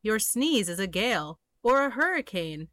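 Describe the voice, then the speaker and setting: A woman's voice: medium pitch, very animated, normal speed, fairly bright tone, no echo. A woman voicing an alarmed buffalo in a storybook, pleading in bouncy rhyme. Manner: breathless, pleading, rhythmic rhyming.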